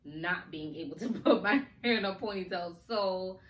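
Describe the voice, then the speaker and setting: A woman hosting a casual podcast, chatty and animated, laughing often and talking to listeners in slang, her speech a little slurred from a sore mouth. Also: mid-range voice, moderate pace. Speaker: podcast host. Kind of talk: casual chat. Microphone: recorded on video for a podcast. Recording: roomy echo, faint ambience.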